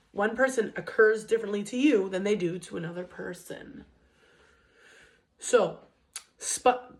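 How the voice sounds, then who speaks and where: A woman in her twenties talks to listeners in a loose, conversational way as a motivational speaker. Her pitch sits in the middle, and her pace speeds up and slows down. She keeps checking in with "okay?" and "right?". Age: 20s. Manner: restarts sentences and uses many fillers, pace swings between quick and slow. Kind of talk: casual motivational talk.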